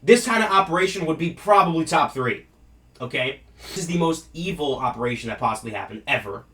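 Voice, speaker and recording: A man's voice: fairly high pitch, lively intonation, fairly quick, bright, forceful tone, far from the mic. A man hosting a political talk show, ranting in a heated, profane, mocking way. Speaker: show host.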